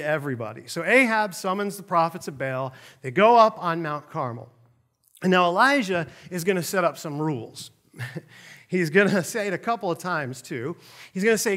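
A middle-aged man teaches a Bible passage in a relaxed, conversational way. His voice sits a little high, and he chuckles often. When he voices the quotes he gets louder and more forceful. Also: fairly quick. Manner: animated, laughs often, acts out quotes loudly.

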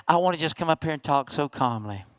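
A middle-aged male pastor preaching a sermon, who gets pumped up like a sideline coach and builds to emphatic, shouted questions. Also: a little high, quick pace, clean tone, no room sound, clean studio sound. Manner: energetic, rising to emphatic repeated questions.

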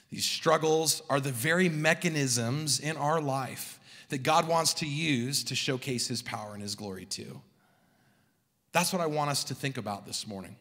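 A young adult man from Southern California preaching a sermon as a pastor, telling a story with animated, emphatic peaks. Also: on the high side. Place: large church hall. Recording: long hall reverb.

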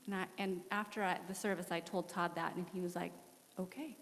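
A woman in her forties giving a candid, animated missionary testimony during a church interview. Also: fairly low pitch, fast talker. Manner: candid, animated storytelling with laughs. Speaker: missionary guest. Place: church worship center. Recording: echoey church hall.

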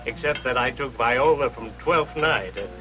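An actor playing a gruff, folksy old doorman with slangy talk, in a 1950s TV drama. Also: medium pitch, moderate pace, natural voice, poor audio. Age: older. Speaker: doorman at a rehearsal hall. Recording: 1950s TV soundtrack with faint music.

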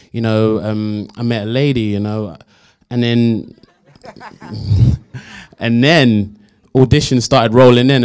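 A young adult man, a guest actor at a Q&A, telling animated stories and acting out quotes with laughs. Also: mid-range voice. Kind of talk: anecdotal storytelling at a Q&A.

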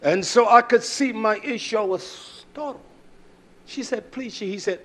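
A middle-aged male preacher giving a sermon, swinging from shouted preaching to low, muttered storytelling. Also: moderate pace.

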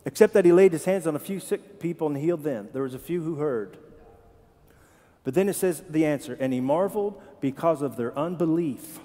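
A pastor preaching a sermon, animated and quizzing his congregation with questions. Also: fairly high pitch, a little fast. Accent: Ohio. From Tennessee. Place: church sanctuary. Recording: church hall with long reverb.

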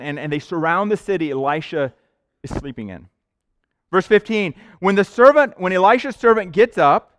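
In a church sanctuary, a male pastor delivers an earnest, conversational sermon, frequently checking in with the congregation through "right?" asides. His voice is on the high side, clear and resonant, captured as clean studio sound with no room echo.

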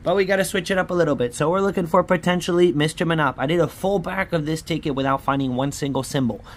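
A man's voice: a little high, quick pace. Grumbling man scratching lottery tickets. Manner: frustrated, grumbling, repeats "man". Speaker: lottery scratch-off channel host. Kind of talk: casual narrated scratching vlog.

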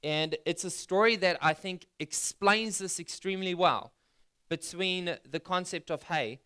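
A man preaching a sermon in a bright, crisp voice that sits a little higher than most men's. He talks conversationally, asking questions of his listeners and putting scripture into everyday words. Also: unhurried. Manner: reads scripture aloud and retells it in plain words. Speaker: pastor.

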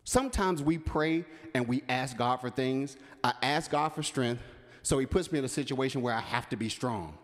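A man's voice: medium pitch, moderate pace. A man minister preaching a sermon, with call-and-response and building emphasis. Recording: reverberant church hall.

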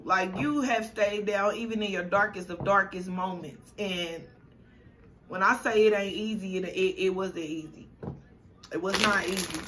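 Over a noisy background, a woman with a mid-range voice gives her viewers a spiritual tarot reading. She is emotional and affirming, choked up and near tears, repeating herself as her voice catches.

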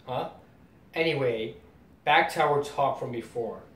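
A man's voice: unhurried, fairly bright tone, close to an everyday voice. A man reading the lines of a cocky young male ninja student from a comic, plainly. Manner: reads comic dialogue plainly. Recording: roomy distant mic, faint rumble.

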